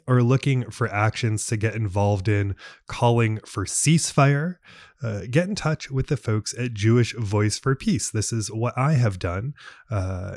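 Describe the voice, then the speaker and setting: Lively-voiced man podcast co-host. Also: mid-range voice, no echo, studio quality. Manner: upbeat, conversational, lively inflection. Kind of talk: casual chat and show announcements.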